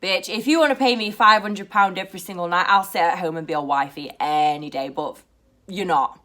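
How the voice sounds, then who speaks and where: A young British woman chatting to camera in a blunt, profane and animated way. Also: lowish voice, a little fast. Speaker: vlogger. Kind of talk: casual to-camera chat.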